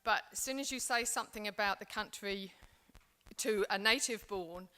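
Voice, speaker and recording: A woman's voice: mid-range voice, normal speed, sharp tone. A woman from England presenting a seminar, speaking in an earnest, reflective way with frequent restarts. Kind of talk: seminar talk.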